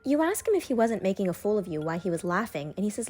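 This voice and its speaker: A woman calmly narrating a second-person fan story to the listener. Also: medium pitch, fast, faint music behind.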